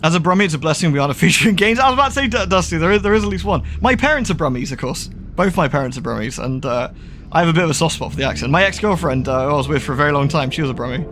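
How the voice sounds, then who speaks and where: A man's voice: fairly high pitch, animated, very fast, fairly bright tone, a little hiss or hum. A man with a West Country English accent, chatting casually and rambling while he streams a game. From England. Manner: chatty, rambling, lots of fillers and restarts. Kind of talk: casual gaming commentary.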